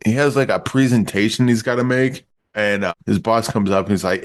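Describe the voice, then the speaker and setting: A man's voice: on the low side, brisk. A man reviewing movies on a podcast in casual chat, rambling through the plot with stumbles and restarts.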